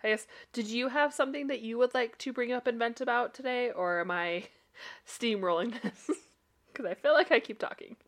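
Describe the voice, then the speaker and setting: She's a young woman from Utah co-hosting a podcast, an animated storyteller in easygoing chat. Expect frequent laughter and sudden quick rises in pitch.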